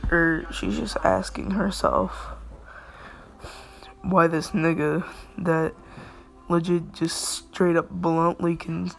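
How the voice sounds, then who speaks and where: A woman's voice: fairly low pitch, flat delivery, slow, gravelly, long pauses. A young woman casually narrating a fan story, rambling and briefly acting out characters' lines.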